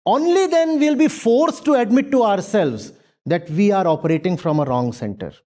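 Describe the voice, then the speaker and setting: A man giving a spiritual lecture with an animated, lively pitch and a mellow, warm tone. He speaks emphatically, pressing his points with rhetorical questions and repeated phrases. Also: moderate pace. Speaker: spiritual teacher. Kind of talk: lecture with audience Q&A. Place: university lecture hall.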